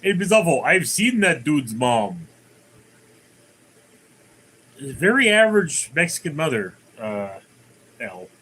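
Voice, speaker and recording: Bright-voiced man chatting on a livestream. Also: a little high, very animated, a little slow, slightly rough, rough recording. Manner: rambling, many fillers and restarts, tells jokes. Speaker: livestream host. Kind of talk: casual chat reading viewer comments.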